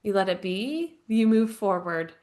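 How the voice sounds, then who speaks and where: A woman in her thirties speaks as a podcast interview guest, with a mid-range voice. She tells her story earnestly and reflectively. Her talk is loose and conversational, full of "like" and soft laughs. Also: medium pitch, lively intonation, measured pace. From United States. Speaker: podcast guest, grief counselor and author. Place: home, living abroad.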